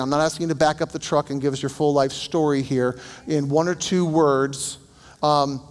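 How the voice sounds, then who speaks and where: A man's voice: a little high, clean tone, in a large hall. A man working as a counselor, teaching a group in a casual, anecdotal way and asking them questions. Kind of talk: conversational teaching.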